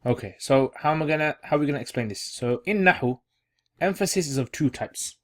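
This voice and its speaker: A man's voice: fairly high pitch, animated, a little fast. A man teaching an online Arabic grammar lesson in a casual, repetitive way, restating each key term as he explains it. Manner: casual, repeats key terms, thinks aloud while explaining.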